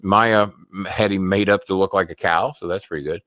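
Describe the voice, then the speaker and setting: A man's voice: low-pitched, fairly even intonation, moderate pace, fairly bright tone, no echo, studio quality. A man hosting a casual live sports talk stream from home, chatty and rambling, swearing loosely.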